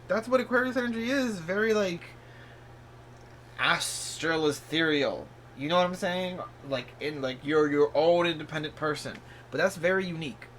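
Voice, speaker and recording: This casual tarot reading comes from a man in a vlog who wanders through his points supportively, leaning on "like" and "you know" and yelping in sudden high-pitched surprise. The audio leans slightly bright and has a little background noise.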